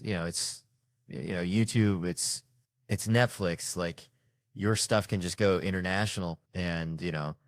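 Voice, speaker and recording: A man's voice: sits low, no room sound, clean studio sound. A man, a touring comedian, chatting casually as an interview guest and telling rambling, joking stories. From United States.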